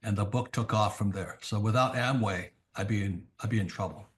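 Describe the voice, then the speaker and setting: An older man, a guest author, telling blunt anecdotes in an interview and acting out quoted dialogue in quick bursts. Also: on the low side. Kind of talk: storytelling in an interview.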